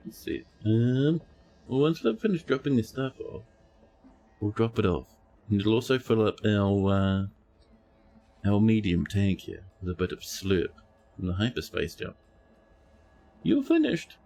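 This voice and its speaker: A man's voice: on the low side, unhurried, mellow, soft background music. A man streaming a space game live, giving playful, chatty commentary and joking with the characters.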